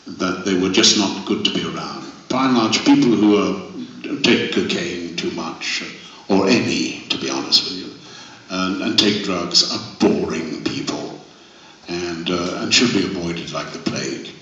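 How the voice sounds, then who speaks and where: A man's voice: deep voice, measured pace, fairly bright tone, dull audio. An older man from Wales answering fan questions at a convention panel, genial, rambling and self-deprecating. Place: large convention hall. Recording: echoey hall, distant mic.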